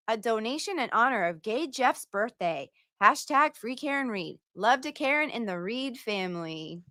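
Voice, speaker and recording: A woman's voice: high voice, animated, unhurried, a bit bright, no room sound, studio quality. A woman hosting a casual livestream, reading out donor messages in a chatty, playful way. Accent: put-on accent at times. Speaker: livestream host reading donations.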